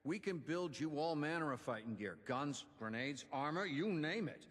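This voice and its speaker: A proud, folksy old union inventor in a video game, his voice rising and falling with lively swings. There is a husky edge to it, and long reverb trails after each line. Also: a little high, moderate pace. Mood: earnest. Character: gruff older male union inventor and quartermaster. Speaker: game character giving quest dialogue.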